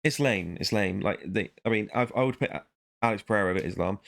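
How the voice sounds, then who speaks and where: A man's voice: on the low side, quick pace, vocal fry, a bit bright. A man vlogging in a casual, rambling monologue, talking to himself and breaking off mid-thought. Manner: rambling, self-interrupting, muttering to himself.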